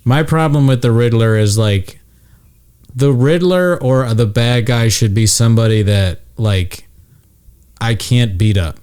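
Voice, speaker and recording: A man's voice: medium pitch, unhurried, darkish tone, clear, resonant tone. A man hosting a podcast, casually chatting and teasing his guest. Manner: teasing, needling. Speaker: podcast host.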